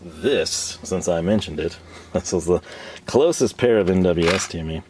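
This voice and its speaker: A man with a Texan accent, hoarse from losing his voice, chatting casually and rambling through a hands-on tool review. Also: low-pitched, measured pace, a little mellow. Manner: rambling, chatty, laughs often. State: hoarse, recovering from lost voice.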